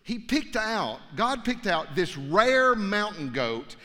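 A man preaching a sermon, telling a story with animated energy and stumbling repeats. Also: sits high, slow. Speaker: pastor. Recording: long hall reverb.

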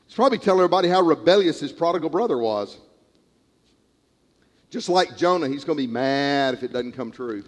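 A male preacher delivers a sermon, telling a parable with animated, storytelling energy. His voice sits high for a man, and a long reverb of a large hall trails behind every phrase. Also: fairly quick. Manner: animated storytelling, acting out characters.

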